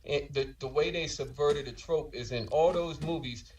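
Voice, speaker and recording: Animated, slangy man, a bit off-mic. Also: on the high side, normal speed, recorded from a distance. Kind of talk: casual podcast chat.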